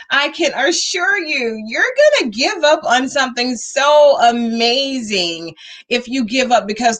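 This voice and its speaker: A woman's voice: medium pitch, fairly bright tone. A woman hosting a talk show, chatting upbeat and motivational to her livestream viewers while she waits for a guest.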